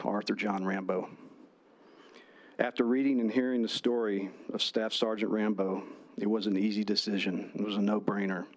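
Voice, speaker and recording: A man, a veterans' post commander, giving earnest prepared testimony at a legislative hearing. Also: fairly low pitch.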